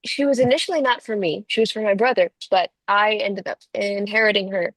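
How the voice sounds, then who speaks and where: A woman's voice: mid-range voice, brisk, a bit bright, no echo, low-quality recording. Wry woman with a dry close voice. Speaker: workshop participant. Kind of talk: casual storytelling. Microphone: video call.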